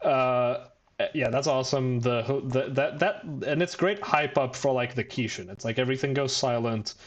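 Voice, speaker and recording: A man hosting a casual podcast chat, talking in an excitable rush and swearing freely. He jumps into high squeaky voices whenever he quotes a character, over a call mic. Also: normal speed. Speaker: podcast host. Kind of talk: casual chat about manga.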